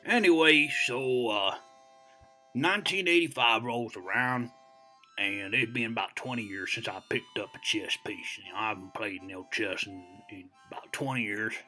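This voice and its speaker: An ancient, boastful old-timer voiced by a man spins a rambling yarn, wandering off into digressions and padding every phrase with "you know." His voice sits a little low yet rings very bright and forceful, with faint music behind him. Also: moderate pace. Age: over 60. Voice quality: folksy drawl full of "you know" fillers. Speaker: storyteller. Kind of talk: comedic character monologue.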